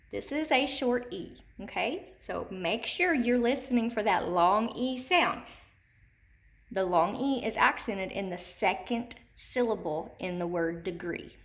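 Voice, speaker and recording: A woman teaching third graders in a recorded lesson, speaking clearly and repeating each word slowly for young children. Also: on the high side.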